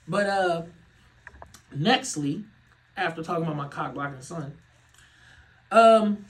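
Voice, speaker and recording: A young man hosting a podcast, ranting in a loose comedic way. He laughs often, swears freely and swings from loud outbursts to low muttering. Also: slow pace, pauses often, low-quality recording. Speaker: podcast host. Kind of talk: casual comedic rant.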